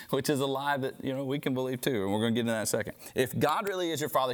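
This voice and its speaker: A male pastor giving a sermon in a relaxed, conversational way, with casual asides to his listeners. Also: medium pitch, very fast, few pauses.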